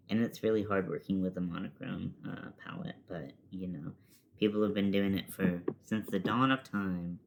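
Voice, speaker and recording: A man's voice: low voice, fairly even intonation, moderate pace, vocal fry, a little mellow, a little hiss or hum. A man talking casually through a makeup tutorial at home, rambling and self-deprecating, with the odd muttered swear. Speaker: makeup vlogger. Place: at home, seated at a desk with a laptop.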